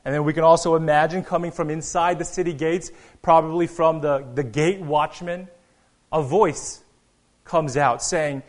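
A man preaching a sermon earnestly, rising to loud proclamations and dropping to quiet asides. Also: on the high side, steady tone, normal speed. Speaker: pastor.

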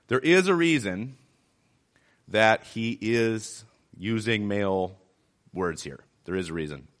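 A man's voice: mid-range voice, a bit bright. A man giving a conversational sermon as a church pastor, driving his points home by repeating them. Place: city church.

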